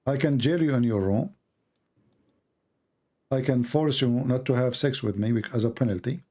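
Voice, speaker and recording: Male debate host on a live stream, mid-pitched, combative, hammers questions and reads quotes deliberately. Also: warm tone. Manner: argumentative, presses with repeated questions.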